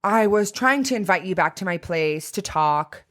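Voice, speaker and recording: A young woman co-hosting a podcast, telling a dating story in a candid, profane, animated way. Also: fairly low pitch, normal speed. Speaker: podcast co-host. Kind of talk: casual chat, storytelling.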